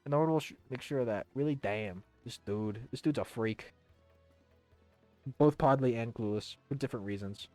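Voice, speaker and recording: A man's voice: mid-range voice, normal speed, a little mellow, soft background music. A man streaming a video game, giving loose, rambling commentary with some swearing.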